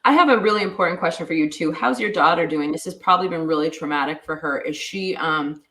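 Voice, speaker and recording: An interviewer asking gentle, concerned questions in a casual live interview. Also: mid-range voice, fast talker.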